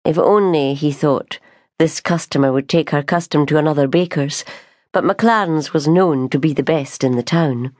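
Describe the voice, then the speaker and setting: A woman, reading a novel aloud in a measured, unhurried storytelling manner. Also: deep voice, a little mellow, no room sound, clean studio sound. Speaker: audiobook narrator. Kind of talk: scripted narration.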